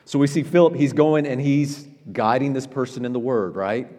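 A pastor preaching in a reverberant hall. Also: male voice, medium pitch, a little mellow. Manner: conversational preaching with frequent "right?" asides and stammered restarts. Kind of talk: sermon. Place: church sanctuary.

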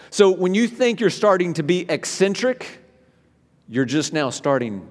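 A male pastor delivers a sermon in an animated way, his voice climbing and falling to stress his points. His voice carries through a large room with a long, lingering reverb. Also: sits high, unhurried. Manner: animated, voice rising and dropping for emphasis. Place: church sanctuary.

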